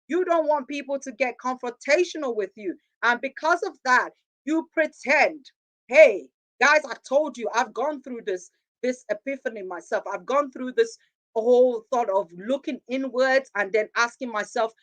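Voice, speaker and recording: A woman's voice: sits high, poor audio. A woman in her thirties hosting a motivational podcast, speaking earnestly with rhetorical questions and repeated phrases for emphasis. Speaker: podcast host. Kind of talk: reflective motivational monologue.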